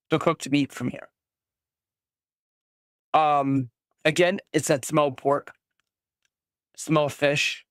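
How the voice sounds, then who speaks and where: A man running a tabletop role-playing game, describing the scene at an unhurried pace in a smooth, clear voice that sits slightly high for a man. He pauses often with fillers, and the sound is dry and close. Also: dry recording. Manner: hesitant, many fillers. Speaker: game master.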